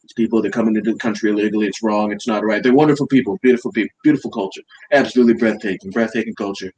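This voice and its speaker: A man's voice: on the low side, steady tone, very fast, darkish tone, slight background noise, lightly acted, low-quality recording. A man doing a comedic impression of a boastful older male politician who keeps repeating his superlatives. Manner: repeats phrases, sweeping boasts.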